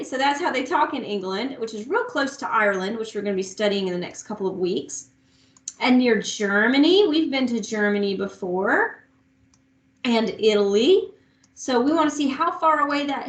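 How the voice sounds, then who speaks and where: A woman teaching young children music, slow and patient, asking them to repeat words after her. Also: fairly high pitch. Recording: echoey room.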